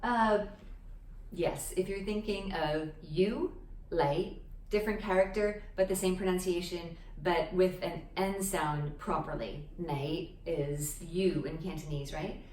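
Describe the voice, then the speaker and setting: Standing at a board indoors, a woman chats her way through a language lesson, breaking it into steps and frequently asking "okay?" She speaks at a measured pace in a fairly low, steady, darkish voice. The distant mic picks up plenty of room echo.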